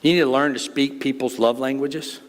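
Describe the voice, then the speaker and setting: A man's voice: mid-range voice, steady tone, normal speed. A middle-aged man preaching a conversational sermon to his congregation, joking and folksy as he talks straight to them. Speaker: pastor. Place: church sanctuary. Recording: long reverb of a church sanctuary.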